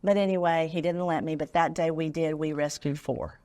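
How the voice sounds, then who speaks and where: Low-voiced woman telling a story. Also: fairly quick. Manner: animated storyteller, acts out quoted voices. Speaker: nonprofit founder, guest. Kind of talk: storytelling in a talk-show interview.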